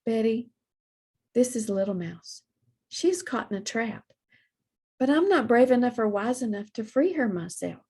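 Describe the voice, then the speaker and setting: A woman voicing a gentle, timid male dog who talks softly and earnestly in a storybook reading. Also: on the high side, animated, unhurried, pauses often, husky, heavily acted.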